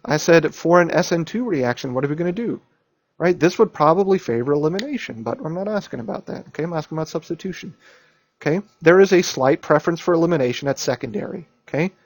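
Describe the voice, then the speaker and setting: A chemistry instructor lectures through an exam review, speaking fast in an expressive, high-ish voice, with no room sound. He hammers points home by repeating them and checking in with "okay?" and "right?".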